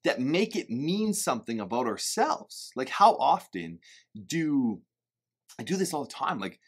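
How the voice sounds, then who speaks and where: A man giving a casual, candid talk to camera about parenting, animated and swinging to loud emphatic bursts, swearing now and then. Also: medium pitch, unhurried, slightly rough. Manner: occasional swearing. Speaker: parenting vlogger.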